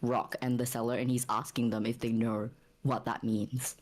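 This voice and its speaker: Rambling female player with a very low voice. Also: level tone, moderate pace, darkish tone. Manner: rambling, full of "like". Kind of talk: describing her character's actions in a tabletop game.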